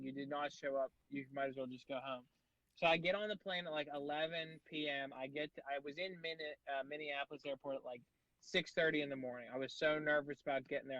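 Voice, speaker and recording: A man with a fairly high voice tells rambling, animated stories on a podcast, packed with fillers and curse words. The sound is dull and lo-fi, and the room is dry and close. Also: no room sound. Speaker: guest comedian. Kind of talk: casual storytelling chat.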